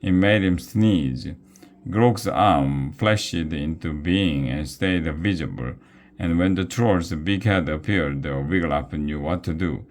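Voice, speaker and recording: A man reading a children's novel aloud, slow and careful, with small restarts. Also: low voice. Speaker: reader.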